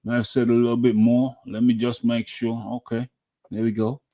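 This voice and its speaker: Boxing talk host, halting delivery. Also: male voice, medium pitch, flat delivery, warm tone. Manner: halting, many fillers and restarts. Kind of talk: casual boxing chat.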